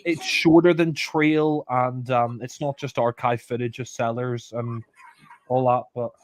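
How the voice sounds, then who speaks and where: A man's voice: medium pitch, steady tone, measured pace, no echo, studio quality. A man casually commentating on a film and often repeating himself as he hesitates. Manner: hesitant, stumbles and repeats words.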